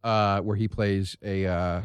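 A man from Philadelphia hosting a podcast, telling a story in an animated, casual way and swearing freely. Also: low-pitched, takes it slowly, clear, resonant tone, no room sound. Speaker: podcast host. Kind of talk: casual chat.

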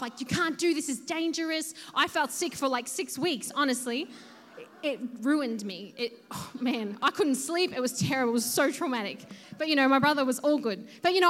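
A woman's voice: high voice, a bit bright. A young woman giving a chatty sermon, telling a personal story with many fillers. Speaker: preacher. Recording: long hall reverb.

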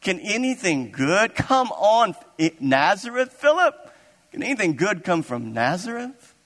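A man's voice: fairly high pitch, moderate pace, natural voice. A doubting young disciple, scoffing and incredulous, as a preacher puts him on. His voice rings in a long hall reverb. The delivery is dramatic storytelling within a sermon.

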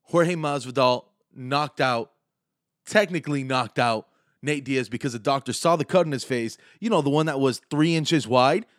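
A man's voice: mid-range voice, moderate pace, dry recording, studio quality. A man with a slight lisp hosting a podcast, delivering a sarcastic, mocking comedic rant. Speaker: podcast host and stand-up comedian.

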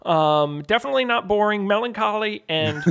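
A man in a tabletop game talks his friend into romance with pushy, playful persuasion. His voice is high and swoops all over the place. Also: lively intonation, moderate pace, creaky, fairly bright tone, smooth. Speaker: player. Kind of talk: in-character tabletop role-play.

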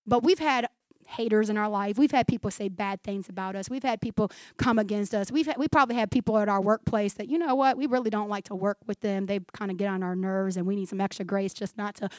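A woman in her forties preaching a sermon in an animated way, acting out the voices from scripture and laughing often. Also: mid-range voice, brisk, dry recording.

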